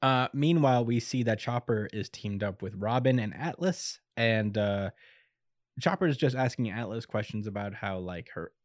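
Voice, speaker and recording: A man's voice: lowish voice, expressive, normal speed, dry recording, clean studio sound. A man in casual chat recapping an anime episode, laid-back and chuckly, with lots of fillers.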